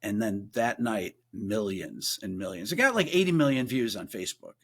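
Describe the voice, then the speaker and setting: A man, a guest musician and producer, telling a story casually in a podcast interview and acting out quoted voices in a higher pitch. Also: expressive, moderate pace.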